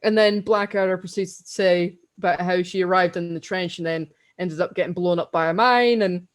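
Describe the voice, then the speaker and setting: A woman's voice: fairly low pitch, fairly even intonation, normal speed. A young Scottish woman co-hosting a podcast, telling long stories in casual chat and laughing often. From Scotland. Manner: rambling, giggly storytelling. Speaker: podcast co-host.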